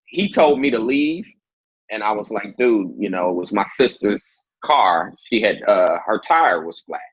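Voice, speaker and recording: Male comedian guest, deep raspy voice, animated storyteller, lo-fi audio. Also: measured pace, dry recording. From Indianapolis, Indiana. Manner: animated storyteller, acts out quotes in a much higher voice. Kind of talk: casual interview storytelling.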